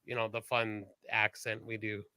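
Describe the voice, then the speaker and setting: A man's voice: fairly low pitch, completely flat delivery, moderate pace, bright, forceful tone, clean tone, no room sound. A Canadian man co-hosting a podcast in loose, profane, joking banter. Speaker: podcast co-host. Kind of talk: casual chat.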